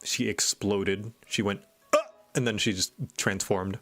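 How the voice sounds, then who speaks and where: A woman's voice: extremely low pitch, fairly even intonation, a little slow, a bit bright, no echo, faint music behind. A woman streamer and game master in casual chat, laid-back, laughing often with dry asides.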